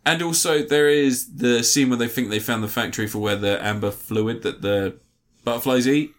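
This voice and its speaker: A man in easygoing podcast chat, his pitch sitting in a middle range for a man. He laughs a lot, swears casually and often leaves his sentences unfinished. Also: normal speed. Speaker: podcast co-host.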